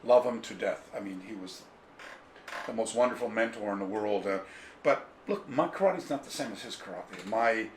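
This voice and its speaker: With a fairly low voice at normal speed, a male interview guest who writes about karate tells a long, wandering anecdote casually and with great animation, mimicking people in it. Slight background noise is present, and the room in his home is echoey with faint ambience.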